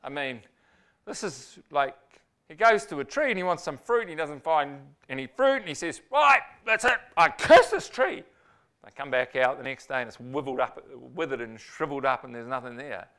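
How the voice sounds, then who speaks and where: Smooth-voiced man preaching with dramatic bursts. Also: mid-range voice, brisk. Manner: animated storytelling, acts out quotes with sudden loud bursts. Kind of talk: sermon.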